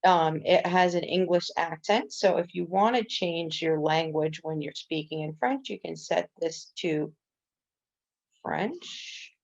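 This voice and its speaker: A woman with a low, gravelly voice explains a coding tutorial step by step, dropping in casual "um"s as she goes. The recording is dull and lo-fi. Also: slow pace. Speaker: coding instructor.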